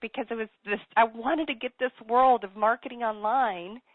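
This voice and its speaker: A woman's voice: a little high, steady tone, moderate pace, no room sound. A woman guest, a business coach, tells her story in an interview in an earnest, emphatic way and repeats key phrases. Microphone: telephone. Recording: tinny phone line, dry.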